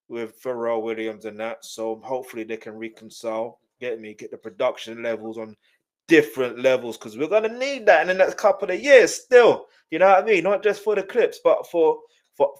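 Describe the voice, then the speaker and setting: Animated South London man. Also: mid-range voice, normal speed. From South London, England. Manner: animated, rambling, repeats phrases. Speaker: reaction streamer. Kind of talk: casual reaction live stream.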